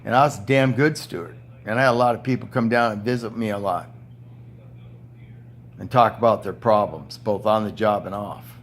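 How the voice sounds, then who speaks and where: A man's voice: lowish voice, fairly even intonation, normal speed, slight background noise. A man in his seventies, a retired power plant worker, delivering an angry, blunt, profane monologue indoors at home. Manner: blunt, profane, ranting, with heavy swearing. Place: indoor room at home with TV and fan.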